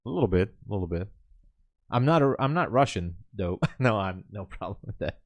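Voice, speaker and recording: A man's voice: lowish voice, no echo. A man hosting a live day-trading stream, thinking aloud, greeting viewers in chat and laughing often. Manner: relaxed, halting, many fillers. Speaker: day-trading livestream host. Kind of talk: live commentary while trading and reading chat.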